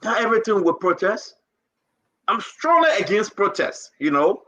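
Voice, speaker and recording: A man's voice: high voice, big pitch swings, moderate pace, pushed and bright, poor audio. A man with a Liberian English accent, hosting a live talk show and pleading his case with passion and repetition.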